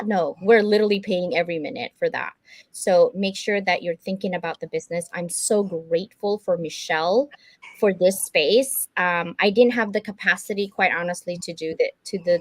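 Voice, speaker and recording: A woman's voice: lowish voice, dry recording. A woman hosting a casual livestream chat for her authors, chatty and businesslike, laughing often. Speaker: publisher and host.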